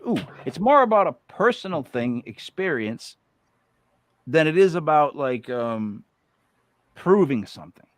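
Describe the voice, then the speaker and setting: A man hosting a podcast in casual chat, joking and animated. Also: a little high, no echo. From New England, near Boston. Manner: animated, joking, slips into mock accents. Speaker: podcast host.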